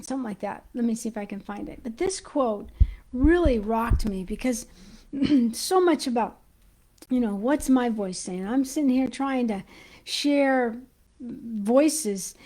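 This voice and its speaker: A woman giving an informal Christian teaching, talking excitedly and chatting to her viewers while she hunts for her notes. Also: high voice, rough recording. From United States.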